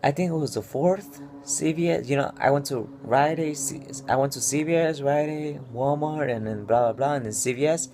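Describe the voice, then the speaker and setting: A man's voice: fairly high pitch, moderate pace, hardly any pauses, warm tone, a little hiss or hum. A man telling a stressed personal story in a casual vlog, rambling with many fillers and restarts. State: stressed and upset. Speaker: vlogger.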